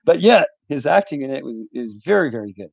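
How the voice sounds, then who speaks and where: A man's voice: medium pitch, very animated, a little fast, creaky, breathy edge, dry recording. A man as a podcast guest chatting casually about a film, rambling and chuckling often. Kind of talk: casual movie review chat. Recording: dull, dry lo-fi sound.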